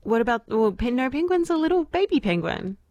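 A woman's voice: a little high, big pitch swings, fairly quick, darkish tone, no echo. A woman hosting a radio show, chatting casually and laughing often. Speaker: radio host. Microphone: studio mic.

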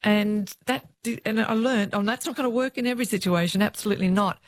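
A woman, a former police officer, telling lively stories about her work in an interview. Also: mid-range voice, fast. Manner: lively storyteller who acts out the voices of others.

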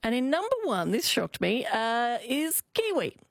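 An Australian woman comedian chatting excitedly as a radio guest. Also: a little high, measured pace, creaky, no room sound, clean studio sound. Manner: excitable, giggly. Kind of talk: casual radio chat. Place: radio studio.

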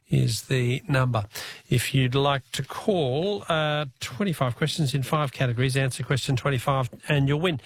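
A man's voice: medium pitch, no echo. An Australian man hosting a late-night talk radio show in a studio, chatting casually and often correcting himself. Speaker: radio host.

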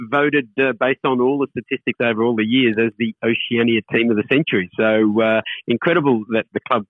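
A man's voice: mid-range voice, dry recording. Man on a tinny phone line. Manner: reflective, hesitant with many fillers. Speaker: interview guest, football club figure. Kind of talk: phone-in radio interview.

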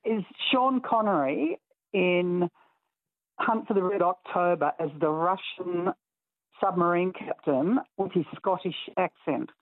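A woman's voice: on the low side, takes it slowly, dry recording. A woman caller chatting on a radio phone-in, casual and giggly. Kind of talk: phone-in chat. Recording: tinny phone line, husky.

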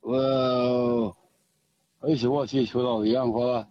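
A man calling in to a radio quiz, relaxed and friendly. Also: mid-range voice, a little slow, highs cut off. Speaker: caller.

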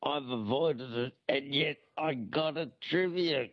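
Slow-talking older male caller on a dull line. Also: medium pitch, no echo. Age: 60s.

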